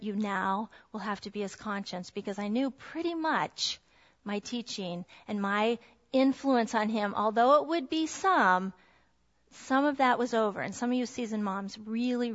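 A middle-aged woman giving a heartfelt Christian testimony talk to a mothers' group. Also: medium pitch. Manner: earnest, heartfelt storytelling. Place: meeting room with a group of women. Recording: dull lo-fi recording.

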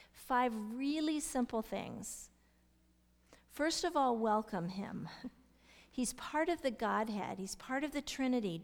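A middle-aged woman with a somewhat high voice leads a Bible teaching. She asks her listeners questions and drops to soft whispers for emphasis. A long hall reverb trails after her words.

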